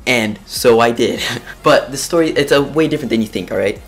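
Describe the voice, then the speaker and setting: A teenage boy telling a school story in a casual, excitable way, exaggerating and laughing often. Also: mid-range voice, fairly quick. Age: teens.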